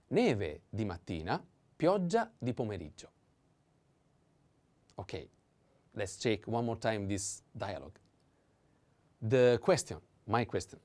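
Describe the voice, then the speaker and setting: An Italian-accented man talks through a language lesson with a mellow, darker tone. His pitch moves in lively swings, and he takes his time. He patiently repeats each word with careful stress. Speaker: language teacher.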